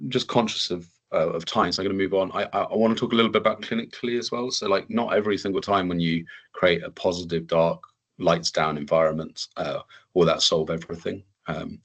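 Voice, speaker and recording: An English man hosting a webinar panel in an easygoing, halting way, with many ums and restarts. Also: sits low, gravelly, fairly bright tone, husky. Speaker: webinar host.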